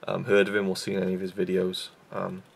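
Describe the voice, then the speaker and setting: A man's voice: deep voice, completely flat delivery, fairly quick, creaky, husky. A young man chatting casually in a vlog about favorite films, rambling with lots of fillers and restarts. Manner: rambling, self-deprecating, frequent fillers and restarts. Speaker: YouTube reviewer.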